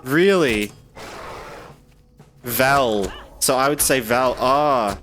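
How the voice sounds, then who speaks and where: A man's voice: mid-range voice, a bit bright, a little hiss or hum. A young Australian man casually streaming a game, bantering with chat and laughing often. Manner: laid-back banter, laughs often, slow drawl.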